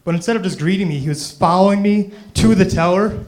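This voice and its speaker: A man's voice: high-pitched, quick pace, darkish tone. A young man doing a stand-up comedy set on stage, rambling and self-deprecating, full of "you know" and "um".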